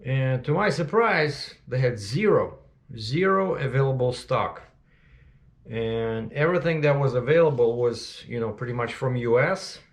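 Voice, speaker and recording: A man's voice: mid-range voice, animated, unhurried. A man talking casually to the camera in a rambling vlog, full of fillers and self-corrections. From Russia. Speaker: trucker vlogger.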